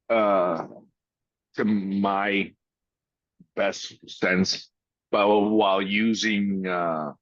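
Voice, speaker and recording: A man's voice: on the low side, a bit bright, no room sound. Blunt, profane man, dry lo-fi sound. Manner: blunt and profane, with drawn-out pauses. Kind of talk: casual chat.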